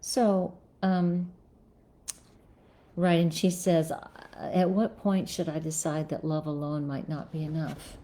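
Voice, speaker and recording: A woman's voice: low-pitched, flat delivery, takes it slowly, warm tone. A middle-aged woman psychologist answering viewer questions on a live stream, thoughtful, with many fillers and restarts. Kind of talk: live-stream advice talk, reading viewer comments.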